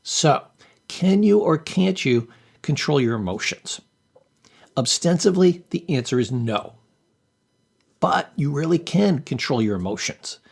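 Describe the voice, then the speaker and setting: A man's voice: on the high side, expressive, unhurried, gravelly, pauses often, darkish tone, breathy edge. A man giving a motivational self-help lesson, acting out example thoughts in quoted voices. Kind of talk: motivational talk to camera.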